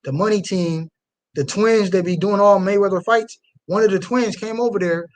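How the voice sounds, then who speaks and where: A young man with a notably high-pitched voice preaches and reacts live to a clip. He swings between low, muttered asides and heated, loud outbursts, full of fiery conviction. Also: normal speed. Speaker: street preacher reacting to a video.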